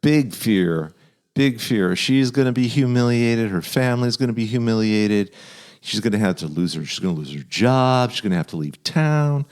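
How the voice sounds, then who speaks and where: A middle-aged man co-hosts a relaxed podcast and gives calm, earnest advice to a listener. He speaks in a mid-range voice, circling back and repeating phrases as he thinks out loud. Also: medium pitch, moderate pace, clean tone. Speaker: podcast host giving dad advice. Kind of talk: casual podcast chat.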